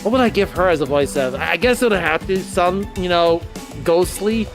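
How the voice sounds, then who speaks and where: A man's voice: sits high, moderate pace. A male streamer reads a dating game aloud, commenting playfully and trying out character voices. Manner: playful, laughs at his own jokes, tries out character voices. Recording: game music behind voice.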